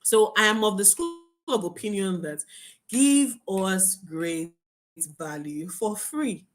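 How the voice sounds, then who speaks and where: A young adult woman teaching a marketing webinar as a coach, talking in an animated, emphatic way. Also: medium pitch, slow pace. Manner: animated, emphatic, laughs and acts out students' voices.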